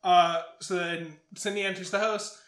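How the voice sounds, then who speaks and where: A man's voice: sits high, measured pace. A man co-hosting a podcast, swearing freely while he recaps a movie and acts out quotes. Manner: profane, animated retelling with acted-out quotes. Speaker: podcast co-host. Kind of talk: casual movie recap chat. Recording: roomy echo.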